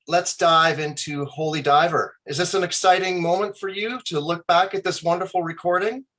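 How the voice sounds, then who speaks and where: A man's voice: fairly high pitch, steady tone, normal speed, pushed and bright. A man hosting an interview, asking questions with enthusiasm. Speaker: interviewer host.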